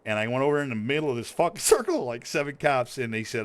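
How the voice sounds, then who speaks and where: A man's voice: medium pitch, big pitch swings, quick pace, few pauses. A man with a slight Montana accent, a streamer telling a long story in casual, rambling talk, cursing freely and laughing often. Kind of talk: casual storytelling while gaming.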